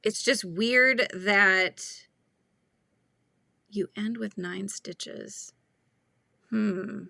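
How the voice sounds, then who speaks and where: A woman's voice: medium pitch, very slow, vocal fry, pushed and bright, no room sound. A woman hosting a live crochet chat, thinking aloud and talking through pattern steps with viewers. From California. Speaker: crochet livestream host.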